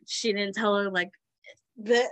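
Lively sarcastic woman podcast host. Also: medium pitch, normal speed, no room sound, rough recording. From Southern Midwest, US. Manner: animated, sarcastic, laughs often. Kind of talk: casual podcast chat.

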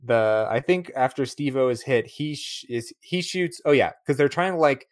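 A man with a mid-range, animated voice speaks at a normal speed, recorded with clean studio sound and no room echo. Co-hosting a podcast, he chats casually about a movie, rambling, laughing often, and acting out lines in a raised voice.

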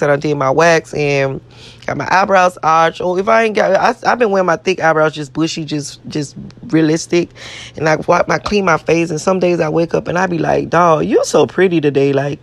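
A woman with a gravelly, low voice vlogs to camera in a casual way. Her talk is a brash, profane ramble full of self-adoring boasts, with plenty of repetition aimed at her viewers.

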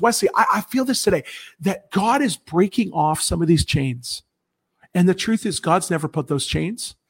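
High, husky-voiced man giving testimony. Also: expressive. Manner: earnest, emphatic preaching tone with rapid self-corrections. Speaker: guest speaker. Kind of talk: testimony on a Christian broadcast.

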